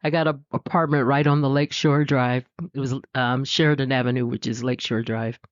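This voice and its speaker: Animated woman preaching a chatty sermon. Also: brisk, no echo. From US West Coast. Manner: animated, puts on high voices for quotes, laughs often. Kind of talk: conversational sermon. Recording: dull, dry lo-fi recording.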